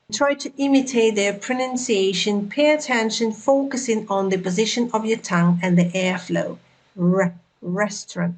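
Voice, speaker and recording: Slow, careful woman teaching pronunciation. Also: medium pitch, rough recording. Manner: repeats words slowly and carefully for learners. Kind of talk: slow, deliberate pronunciation lesson.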